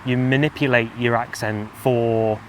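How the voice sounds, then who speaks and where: A man's voice: medium pitch, a little slow, slight background noise. Casting note: English man, mild general British accent, casual vlogger, easygoing and rambling, recorded outdoors with faint ambience. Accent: mild English, softened toward general British. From England. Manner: relaxed, loose, with frequent fillers and restarts. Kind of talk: casual chat to camera.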